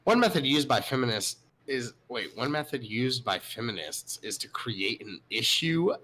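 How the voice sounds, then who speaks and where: A man with a mid-pitched voice talks bluntly as a podcast co-host, reading a passage aloud and reacting with disbelief. The talk is loose and casual, with faint noise behind him. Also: very animated, moderate pace, sharp tone. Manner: incredulous, blunt.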